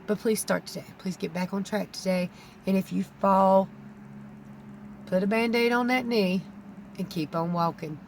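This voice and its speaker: A woman's voice: medium pitch, normal speed, creaky, pauses often, a little mellow, slight background noise. A woman, a keto vlogger pleading earnestly with viewers, close to tears. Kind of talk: emotional vlog talk to camera.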